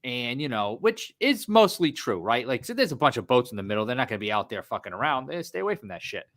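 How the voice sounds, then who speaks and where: A podcast host from Rhode Island, telling stories in an animated way and swearing freely. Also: male voice, mid-range voice, quick pace. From Rhode Island, USA. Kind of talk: casual podcast chat.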